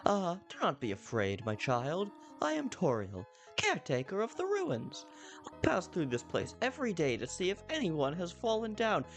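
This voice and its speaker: A man voicing Toriel, a gentle motherly monster. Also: high voice, wildly swooping pitch, normal speed, soft background music, pitched above the performer's own voice, heavily acted. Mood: soothing. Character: gentle motherly female goat-monster caretaker.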